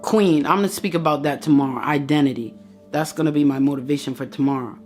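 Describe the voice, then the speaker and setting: A woman's voice: low voice, fast talker, darkish tone, faint music behind. A woman giving an impassioned motivational address, preaching straight at her listeners and repeating phrases for emphasis. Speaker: motivational speaker.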